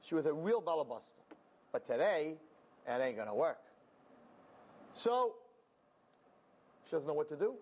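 A man's voice: on the high side, very animated, measured pace, pauses often, slightly rough. A man telling a story animatedly, sprinkled with Yiddish words. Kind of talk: told story.

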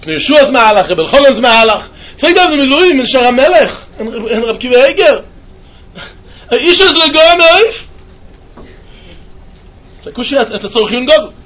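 A man teaching a Talmud lesson in a yeshiva style, with an animated singsong delivery. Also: very high voice, quick pace. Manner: animated singsong, mixing Yiddish and Hebrew terms.

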